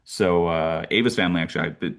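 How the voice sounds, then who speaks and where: A young Canadian man telling lively birding stories in a casual talk, with many fillers and restarts. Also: low-pitched, quick pace. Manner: animated storyteller, many fillers and restarts, laughs often. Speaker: birder giving a talk.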